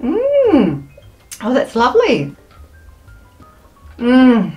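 A woman's voice: sits high, huge pitch swings, extremely slow, darkish tone, faint music behind. A woman chatting casually through a food taste test, enthusiastic and playful, with savoring sounds between bites.

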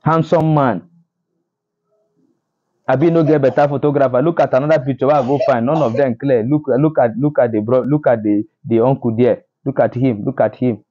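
A man's voice: mid-range voice, steady tone, moderate pace, highs cut off. A man from Nigeria with a Nigerian Pidgin English accent, delivering indignant social media news commentary, often repeating himself and restarting words. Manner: indignant, repetitive, stumbling restarts.

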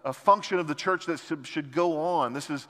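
A man preaching a sermon as pastor, impassioned, moving between soft and loud passages. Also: a little high, a little fast. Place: large church sanctuary. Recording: long hall reverb from church sanctuary.

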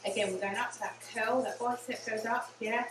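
A woman's voice: on the high side, steady tone, moderate pace, background noise. Breathless woman fitness instructor, echoey. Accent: English. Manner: encouraging, repeats cues like "again" and "yeah". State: out of breath at times. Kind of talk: guided exercise class. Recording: echoey room, distant mic, music. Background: music playing.

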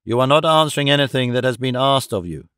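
A man's voice: mid-range voice, lively intonation, quick pace, fairly bright tone, clear, resonant tone, dry recording, studio quality, close to an everyday voice. A man reading the part of a severe district attorney who accuses a prisoner in an audiobook.

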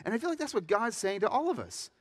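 A young adult man, a pastor, preaching a sermon with animated storytelling and acted-out voices. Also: sits high, fast talker, big-room sound. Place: church sanctuary.

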